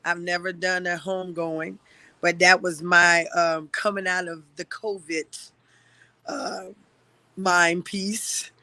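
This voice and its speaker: A woman in her fifties giving an earnest, halting personal testimony to her church. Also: fairly low pitch, level tone, sharp tone, dry recording. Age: 50s. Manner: earnest, halting, with frequent pauses. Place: livestreamed church gathering.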